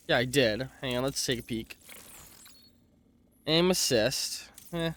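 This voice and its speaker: A man's voice: mid-range voice, takes it slowly, pauses often, fairly bright tone. A man casually commenting on his gameplay as a let's play streamer, chatty and swearing, reading game text aloud. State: clearing throat with heartburn.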